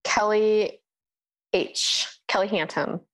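A woman co-hosting a podcast in casual chat, talking in an animated, chatty way with frequent fillers. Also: medium pitch, slow pace. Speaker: podcast co-host.

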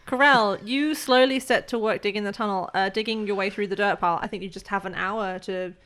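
A woman's voice: medium pitch, a little fast, a bit bright. Playful woman game master narrating. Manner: playful, laughs often, voices characters.

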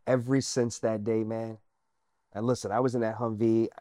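A man, an army veteran, telling his personal story as a guest in an interview, earnest and animated, sometimes dropping to a near-whisper. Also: fairly low pitch, normal speed, dry recording, studio quality.

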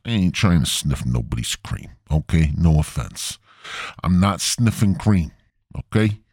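A man's voice: low voice, sing-song, measured pace, darkish tone, no room sound, studio quality, pitched below the performer's own voice, heavily acted. A man voicing a brash, crude male stand-up comic with a swaggering, vulgar delivery.

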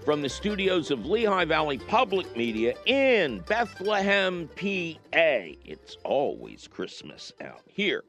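Animated male radio call-in host. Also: a little high, slow pace, hardly any pauses, faint music behind. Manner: jokey, animated storyteller. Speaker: radio garden show host. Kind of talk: lively call-in radio talk. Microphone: studio mic.

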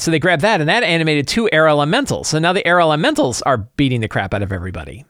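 Game master, male, rambling and lively, dry close sound. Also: fairly high pitch, very fast, hardly any pauses, dry recording. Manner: rambling with many restarts. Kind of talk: casual game prep talk.

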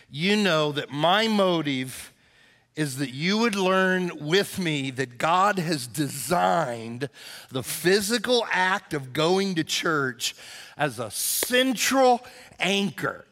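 A man's voice: fairly high pitch, fairly bright tone, long reverb tail. A man preaching a conversational, emphatic sermon as pastor, acting out quotes in character voices.

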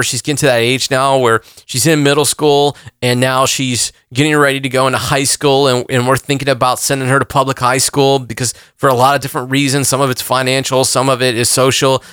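A man's voice: medium pitch, fairly bright tone, smooth, dry recording, clean studio sound. A pastor in his forties delivering an impassioned sermon, earnest and repeating phrases for emphasis. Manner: earnest, repeats himself, rising emphasis on questions.

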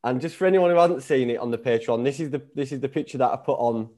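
A man's voice: medium pitch, fast talker, dark tone. A man hosting a podcast, bantering casually over a video call. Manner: banterous, joking, swears casually. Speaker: podcast host.

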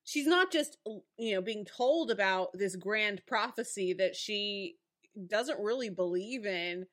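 A woman's voice: mid-range voice, animated, slow pace, fairly bright tone. A woman co-hosting a casual recap podcast, making wry asides and laughing often. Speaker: podcast co-host.

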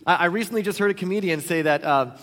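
High-voiced pastor preaching in a reverberant hall. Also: male voice, quick pace. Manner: conversational, animated storytelling with quoted voices. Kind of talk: sermon.

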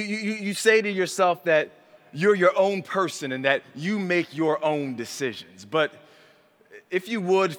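A man preaching a sermon as pastor, earnest and intimate, building from hushed, quiet passages to rising emphasis. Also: mid-range voice. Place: church hall. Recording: long hall reverb.

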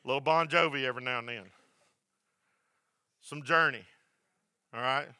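A male pastor preaching a sermon, swinging from loud, repeated emphasis down to a soft hush. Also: medium pitch, normal speed, clear, resonant tone, no echo. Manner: builds to loud emphatic repetition, then drops to a soft hush.

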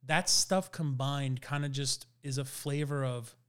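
A man's voice: medium pitch, fairly even intonation, measured pace. A man chatting casually on a podcast, explaining how he makes mead in a rambling way, full of fillers and restarts. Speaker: guest mead maker.

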